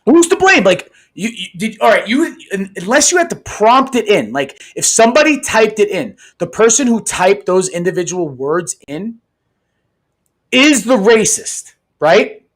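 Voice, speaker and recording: A man's voice: sits high, unhurried. A man co-hosting a podcast in casual chat, talking emphatically with lots of swearing and often asking "right?" for agreement. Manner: animated, profane, emphatic, keeps asking "right?". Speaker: podcast co-host.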